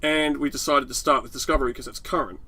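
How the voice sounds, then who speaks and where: Australian male co-host, sarcastic reviewer, bright tense voice. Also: medium pitch, fast talker, slightly rough. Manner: sarcastic, mocks scenes in put-on voices. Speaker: podcast co-host. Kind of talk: casual review chat.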